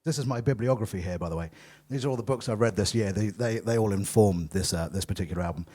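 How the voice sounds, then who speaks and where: A man's voice: lowish voice, fast, dark tone. A young man doing a live stand-up monologue between songs, rambling and self-mocking, full of ums and apologies. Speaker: comedian and musician. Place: live venue with an audience.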